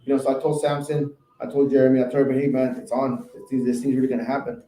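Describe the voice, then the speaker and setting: A man's voice: mid-range voice, flat delivery, rapid-fire, dark tone. A man guest on a podcast, a car painter, telling rambling, laid-back stories in casual chat. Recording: roomy echo.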